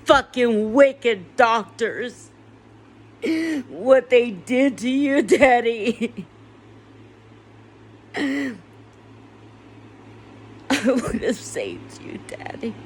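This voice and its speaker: Tearful woman, raw rambling monologue, very slow delivery, laughs and swears through it. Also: fairly high pitch, animated, slightly rough. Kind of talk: emotional personal monologue.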